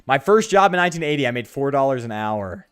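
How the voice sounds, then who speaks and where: A man's voice: mid-range voice, animated, fast, fairly bright tone, smooth, dry recording, clean studio sound, soft background music. A man doing casual, jokey commentary while he plays a game, using crude slang and reading the on-screen text aloud. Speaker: let's play streamer.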